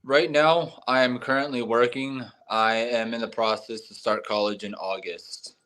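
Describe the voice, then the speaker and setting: A polite young man answers questions as a fan on a video call, his pitch in a middle range. He keeps his answers brief and matter-of-fact. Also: steady tone, normal speed, pushed and bright, low-quality recording. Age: young adult. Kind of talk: casual conversation.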